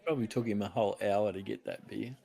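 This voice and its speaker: A man's voice: lowish voice, fairly even intonation, fast, gravelly, mellow, slightly rough. A man co-hosting a casual home-brewing pub chat over a video call, easygoing and laughing often. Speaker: podcast co-host.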